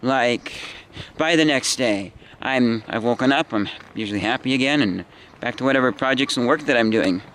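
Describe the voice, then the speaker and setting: A man in his twenties telling a personal story in a halting, meandering way, tired and full of restarts. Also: medium pitch, fairly bright tone, slight background noise. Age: 20s. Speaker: vlogger. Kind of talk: rambling personal vlog.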